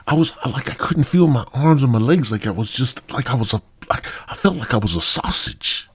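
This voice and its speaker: A man hosting a podcast, telling a crude comic story full of swearing, dropping into hushed whispers and rising to loud outbursts. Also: medium pitch, animated, fairly quick, slightly rough. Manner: profane, swings between loud and hushed whispers. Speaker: podcast host.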